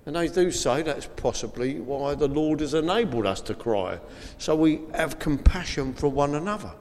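A man's voice: fairly high pitch, lively intonation, normal speed, darkish tone, a little hiss or hum. A man giving an informal school assembly talk, rambling and chatty with lots of fillers, and reading aloud from the Bible. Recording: long hall reverb.

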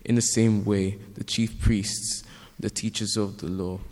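A man reading a Bible passage aloud, steady with small slips. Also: fairly low pitch, measured pace. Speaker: scripture reader. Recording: long hall reverb.

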